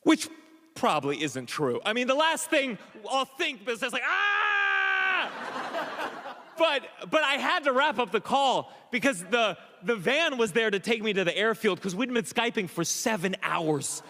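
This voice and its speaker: A man doing stand-up, telling a long story in an excitable, self-mocking way with stammered restarts. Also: very high-pitched, moderate pace, big-room sound, a little hiss or hum. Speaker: stand-up comedian. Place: comedy stage.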